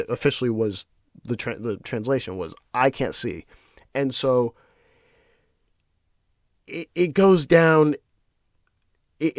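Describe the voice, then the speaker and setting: A man hosting his own podcast, talking casually in an animated, profane, ranting way. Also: medium pitch, no room sound, clean studio sound. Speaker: podcast host. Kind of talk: casual solo commentary.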